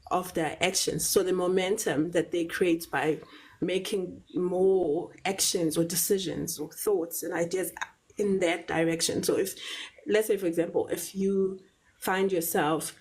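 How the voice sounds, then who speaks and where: A woman's voice: fairly low pitch, slightly rough, poor audio. South African woman explaining things patiently. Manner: measured, repeats words while finding phrasing, checks in with "right?". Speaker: guest on a live talk show. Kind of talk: explanatory conversational talk.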